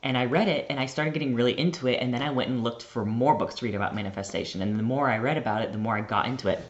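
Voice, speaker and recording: A man's voice: medium pitch, rapid-fire, lo-fi sound. A young American man telling a rambling, chatty story to his vlog audience. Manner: chatty, rambling, heavy use of "like". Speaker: vlogger.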